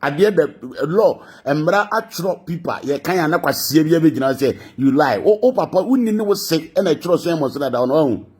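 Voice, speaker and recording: A man's voice: a little high, expressive, fairly quick, hardly any pauses, darkish tone, husky. A man with a Ghanaian accent giving mocking gossip commentary, laughing often between lines. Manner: laughing, mocking, mixing languages.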